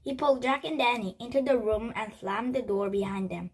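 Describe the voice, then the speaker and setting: A woman reading a children's chapter book aloud, halting with frequent restarts and slips. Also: on the high side, slightly rough, poor audio. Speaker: storybook reader.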